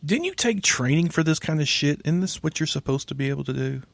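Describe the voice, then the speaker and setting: A man hosting a podcast in a casual, wry, teasing way. His voice has a gravelly edge and swings up and down a lot, close and dry on the mic. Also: on the high side, expressive, quick pace, dry recording. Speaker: podcast host.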